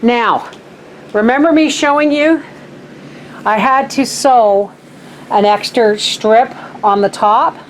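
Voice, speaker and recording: A woman's voice: fairly high pitch, slow, pauses often, a little hiss or hum. A woman talking casually to camera as a homestead vlogger, a chatty storyteller who acts out the voices in her anecdotes and sounds tired after a night with a migraine.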